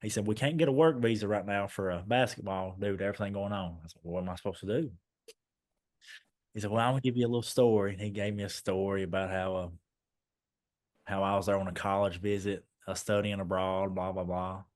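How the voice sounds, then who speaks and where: A man's voice: fairly low pitch, steady tone, fairly quick. A young man, a podcast guest telling a story and acting out the dialogue as he goes. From Eastern Kentucky, USA. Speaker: guest, former basketball player.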